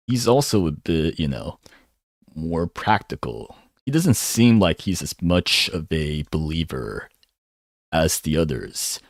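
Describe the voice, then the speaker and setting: Male commentator with a low voice and lively pitch swings. Unhurried and rambling, recorded dry. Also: no echo. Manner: rambling, hums filler syllables while thinking. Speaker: manga commentator. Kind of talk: casual solo chapter breakdown.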